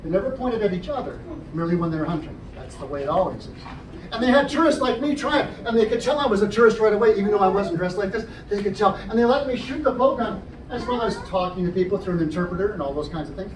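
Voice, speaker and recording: Joking high-voiced man performing live, echoey. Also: expressive, fast talker. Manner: playful, joking, explains each trick step by step. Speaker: children's juggler and entertainer. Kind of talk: live stage show patter. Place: library program room, indoors. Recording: roomy, distant, noisy audience recording.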